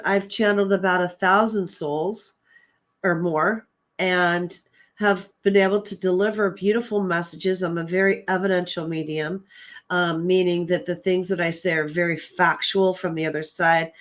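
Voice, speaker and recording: A woman's voice: on the low side, fairly even intonation, measured pace, a bit bright. A woman hosting her own show, telling a personal story in a casual, chatty way. She retells conversations with lots of "I'm like" and "um", and sounds earnest and emotional. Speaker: host and psychic medium.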